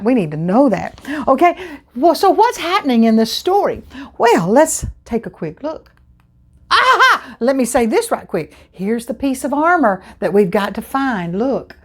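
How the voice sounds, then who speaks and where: A woman telling a Bible story to children at a vacation Bible school, animated and full of exclamations. Her voice sits fairly high.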